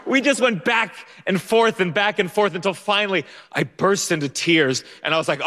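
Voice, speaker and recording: A man's voice: high-pitched, normal speed, hardly any pauses, pushed and bright. A young man telling a personal story on stage, nervous and self-mocking, with many restarts and laughs. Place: stage before an audience. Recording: long stage reverb.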